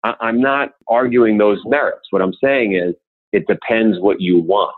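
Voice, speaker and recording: A man telling motivational stories in a guest interview, acting out the people he quotes. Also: moderate pace. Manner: animated, acts out quotes in raised pitch. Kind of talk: motivational storytelling. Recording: tinny phone-like line.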